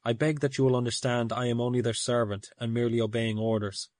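A man voicing an ill-at-ease male visitor in a storybook reading, speaking quietly and formally. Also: medium pitch, level tone, fast, dry recording, clean studio sound, natural voice.

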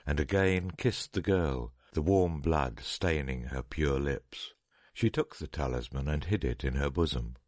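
A man reading a story aloud in a measured, dramatic narration. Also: very deep voice, dry recording, studio quality.

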